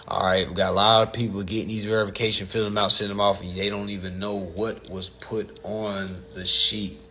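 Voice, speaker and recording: A man's voice: fairly low pitch, level tone, fairly quick, few pauses, pushed and bright. A man hosting a casual livestream and answering viewer questions, blunt and profane, and often calling his listeners family.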